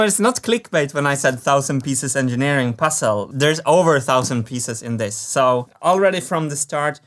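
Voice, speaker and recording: A man narrating a workshop vlog, enthusiastic and quick to laugh. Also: mid-range voice. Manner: excitable, laughs often, enthusiastic. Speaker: maker and engineering video creator.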